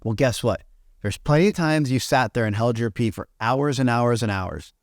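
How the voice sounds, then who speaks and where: A man guest on a podcast explaining meditation in a motivational way, animated and repetitive, often asking "right?" and jumping up in pitch to act out inner voices. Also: normal speed, no echo, clean studio sound. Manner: animated, repeats phrases, keeps asking "right?"; acts out inner voices with high pitch jumps.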